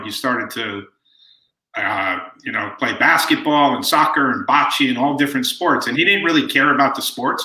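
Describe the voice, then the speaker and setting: Bright-voiced man telling stories, roomy echo. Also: medium pitch. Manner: relaxed anecdotal storyteller who acts out quoted lines. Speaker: guest author. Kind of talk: storytelling in conversation.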